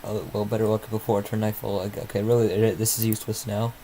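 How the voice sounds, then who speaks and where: A man's voice: lowish voice, level tone, fast talker, warm tone, a little hiss or hum, low-quality recording. A man hosting an informal live stream, rambling and muttering to himself as he waits for updates, sounding sleepy. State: sleepy, yawning. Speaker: livestream host. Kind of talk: casual live commentary.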